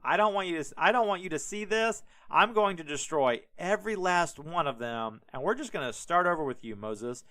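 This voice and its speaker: A man's voice: a little high, animated, normal speed, few pauses, pushed and bright. A man voicing God as an exasperated deity who talks in casual, slangy rants. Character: fed-up almighty God, male, ranting.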